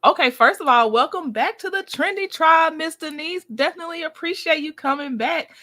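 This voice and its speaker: A woman's voice: high-pitched, a little fast, sharp tone. A woman hosting a casual live stream, upbeat and chatty, greeting viewers one by one and laughing often. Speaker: livestream host.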